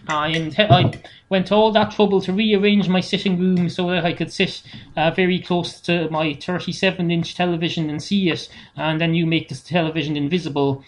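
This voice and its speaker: A man from Ireland with an Irish accent, rambling through a deadpan solo comedy monologue with lots of "uh" fillers, recorded at home. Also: on the high side, moderate pace. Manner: deadpan, meandering, frequent "uh" fillers. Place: home setup. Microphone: self-recorded into editing software on a computer, no monitoring.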